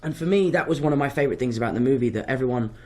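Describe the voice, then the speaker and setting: A man's voice: mid-range voice, expressive, racing, a little mellow. A young man from England with an English accent, an actor chatting playfully and laughing through stories in a press interview. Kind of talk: casual press junket chat.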